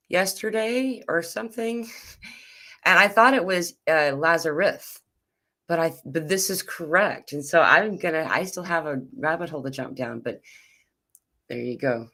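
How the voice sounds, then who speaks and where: Bright, low-voiced woman host. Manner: chatty, laughing, quick interjections. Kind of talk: casual chat.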